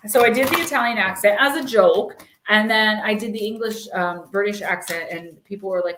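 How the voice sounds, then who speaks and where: A woman's voice: mid-range voice, moderate pace, few pauses, reverberant, noisy background. A woman hosting a live stream, chatting casually and reading oracle cards with lots of fillers. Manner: chatty, filler-heavy, reassuring. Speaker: oracle card reader and live-stream host.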